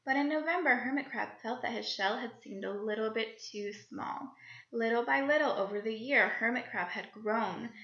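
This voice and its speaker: A woman reading a children's picture book aloud with lively character voices and little asides to young listeners. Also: on the high side, moderate pace. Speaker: children's story reader. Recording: lo-fi recording in an echoey room.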